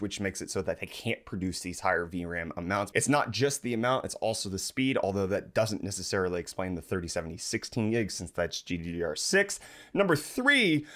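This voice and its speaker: A man hosting a tech news show, delivering quick casual commentary full of wry, sarcastic asides. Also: low voice, fairly bright tone.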